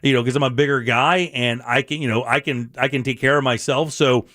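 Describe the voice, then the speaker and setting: A man's voice: medium pitch, fairly even intonation, fairly quick, sharp tone, dry recording, clean studio sound. A man hosting a talk show, telling stories animatedly and acting out quoted voices. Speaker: radio talk show host. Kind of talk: casual talk show chat.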